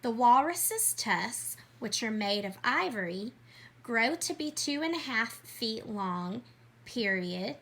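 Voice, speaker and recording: A woman teaching a spelling and grammar lesson, explaining each answer patiently and clearly. Her voice sits a little high and sounds bright. She takes her time and speaks very slowly. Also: animated. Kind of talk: workbook lesson walkthrough.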